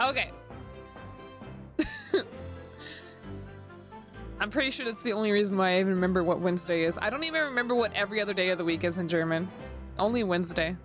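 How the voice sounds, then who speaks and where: A young adult woman chatting casually and swearing freely while streaming a game, over background music. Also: lowish voice.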